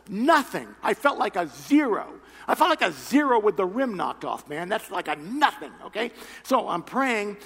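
A man preaching a sermon, telling a personal story with loud animated retellings and quiet earnest appeals. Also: high voice, gravelly. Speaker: pastor. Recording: reverberant hall with faint music.

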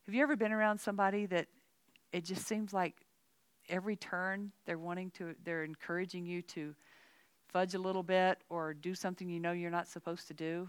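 A woman with a low-pitched voice teaches a women's Bible study in a frank, conversational way. She talks casually, with lots of "you know" asides. The sound is dry and close. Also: fairly even intonation, fairly quick, smooth, no room sound. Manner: chatty, candid, many "you know" asides.

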